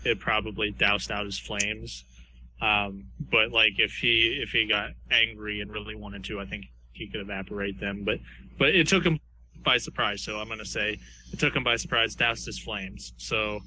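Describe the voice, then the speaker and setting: A man's voice: lowish voice, pushed and bright, slight background noise, poor audio. A man co-hosting a podcast, hesitantly describing an imagined fight and repeating words as he thinks. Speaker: podcast co-host. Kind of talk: casual chat narrating a fight scenario.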